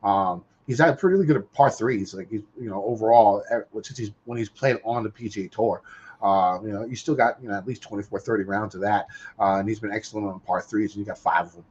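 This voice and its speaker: A man filling in as guest co-host on a golf betting podcast, talking haltingly with plenty of fillers. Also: on the low side, breathy edge, lo-fi sound. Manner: halting, filler-heavy talk. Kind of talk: casual golf betting chat.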